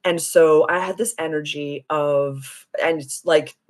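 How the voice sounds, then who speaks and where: A woman hosting a live stream as a spiritual coach, telling a story in an animated, giggly way and answering viewer comments. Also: low voice, unhurried. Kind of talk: casual live-stream chat.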